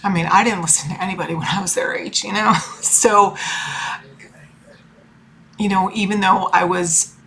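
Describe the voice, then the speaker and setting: A woman's voice: mid-range voice, fairly even intonation, normal speed, vocal fry, pauses often, pushed and bright, a little hiss or hum. A woman in her forties talking about her family in a personal vlog, emotional and rambling, full of fillers and restarts. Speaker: tarot reader and life coach.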